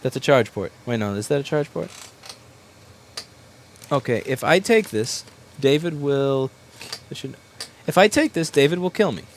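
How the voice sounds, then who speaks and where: A man's voice: mid-range voice, expressive, a little hiss or hum. A repair shop owner ranting bluntly and with plenty of swearing as he works at his bench. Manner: blunt and sweary, with quick mocking asides. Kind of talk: profane ranting while working.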